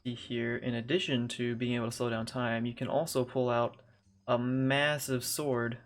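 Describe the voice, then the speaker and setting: A man casually commentating a speedrun race with a relaxed, wry manner, often laughing. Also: mid-range voice, moderate pace.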